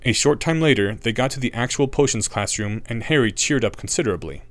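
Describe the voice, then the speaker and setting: A man narrating an audiobook with an expressive, wry reading. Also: mid-range voice, fairly quick, dry recording.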